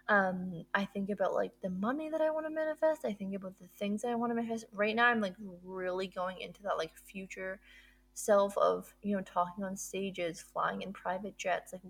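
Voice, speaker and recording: A woman with a medium-pitched, creaky voice hosts a podcast. Alone at the mic, she walks through her routine casually, upbeat and gushing, with plenty of fillers.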